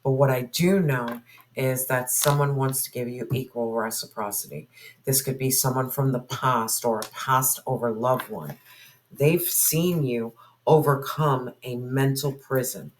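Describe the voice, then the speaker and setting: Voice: mid-range voice, fairly even intonation, a little slow, slight background noise, low-quality recording. A tarot reader giving a spoken reading to viewers, musing aloud and asking spirit questions in an intuitive way.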